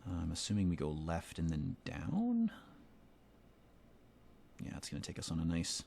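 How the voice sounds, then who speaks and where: A man's voice: deep voice, huge pitch swings, normal speed, vocal fry, dark tone, a little hiss or hum. A man giving rambling, profane, sardonic commentary while playing a video game. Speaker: let's play commentator. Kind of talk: casual gameplay commentary.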